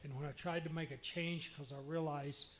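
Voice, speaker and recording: A man's voice: on the high side, fairly even intonation, moderate pace, fairly bright tone, slight background noise. An older man, a longtime pastor, telling marriage stories earnestly and with self-deprecating humor. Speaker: retired pastor, panel guest.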